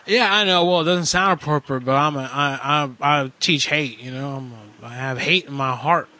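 A blunt prank caller who preaches hate, put on by a man in a bright, slightly high voice. He says vile things flatly, as if they were ordinary small talk over the phone. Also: normal speed. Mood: deadpan provocative. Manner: blunt, casually offensive. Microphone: phone call.

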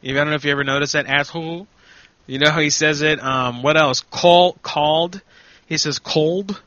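A man's voice: fairly high pitch, steady tone, fast, bright, forceful tone. A man hosting a casual prank-call radio show, rambling with laughs and crude banter. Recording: dull lo-fi sound with music behind.

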